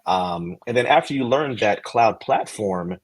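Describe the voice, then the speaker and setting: A man's voice: on the low side, lively intonation, measured pace, low-quality recording. A man, a podcast guest, casually and animatedly explaining career steps, posing questions as he goes.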